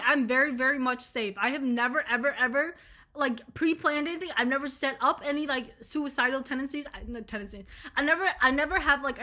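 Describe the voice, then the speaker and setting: A woman's voice: sits high, sharp tone. A young woman vlogger talking in a rambling, blunt, profane confessional monologue, full of "like" and "okay?".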